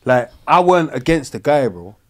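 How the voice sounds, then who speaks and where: A man's voice: mid-range voice, big pitch swings, moderate pace. A man, explaining himself insistently in a podcast conversation. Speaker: podcast host.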